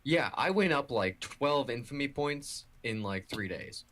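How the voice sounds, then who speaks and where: A man from the Chicago suburbs chatting casually on a gaming stream, relaxed and often replying briefly. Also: medium pitch, a little slow.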